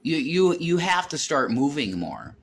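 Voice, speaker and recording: A man's voice: fairly high pitch, big pitch swings, a little slow, vocal fry, a little hiss or hum. A man rambling and swearing as he walks around his house, vlogging into his phone. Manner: rambling, repeats himself, swears a lot. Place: home, walking around with a phone.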